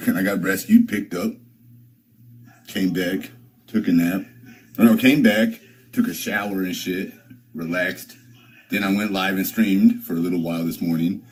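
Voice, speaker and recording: A man's voice: sits low, steady tone, measured pace, pauses often, a little hiss or hum, rough recording. A young man streaming, telling a story in a rambling, profane way, full of restarts and fillers. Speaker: live streamer.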